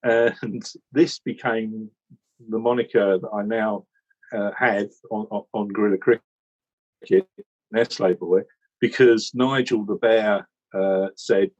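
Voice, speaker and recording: Casual male storyteller from England, husky, rambling and animated, muffled call audio. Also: lowish voice, takes it slowly. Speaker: regular commentator recalling how he joined. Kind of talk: casual chat.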